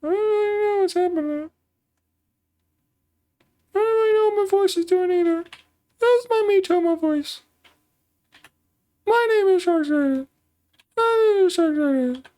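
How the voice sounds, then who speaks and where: A man putting on a squeaky, sing-song, high avatar voice as a joke. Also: unhurried, long pauses, darkish tone. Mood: silly.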